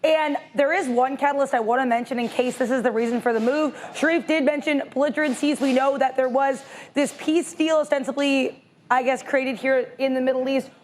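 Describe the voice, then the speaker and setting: High-voiced woman giving a market update. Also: fairly even intonation, a little fast, a little hiss or hum. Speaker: market news reporter. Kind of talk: live market news update.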